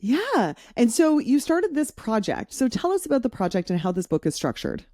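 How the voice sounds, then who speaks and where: A woman's voice: a little high, very animated, moderate pace, mellow, no room sound, studio quality. A woman hosting a podcast, enthusiastic and chatty in casual conversation. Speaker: podcast host.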